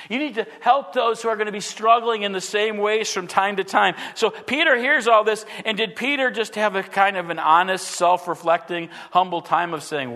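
A man's voice: high voice, pushed and bright. A man preaching a sermon as a pastor, earnest and full of rhetorical questions, acting out the quotes he tells.

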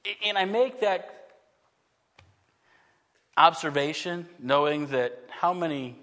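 Middle-aged pastor preaching, high voice, goes loud then real hushed, long hall echo. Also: male voice, expressive, slow pace. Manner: earnest preaching that swings from forceful to hushed. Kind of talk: sermon.

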